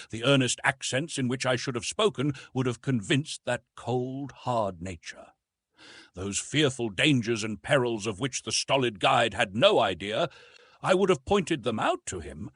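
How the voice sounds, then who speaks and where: A man narrating a classic novel as an audiobook, with expressive, measured storytelling. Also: medium pitch, slightly rough, no echo.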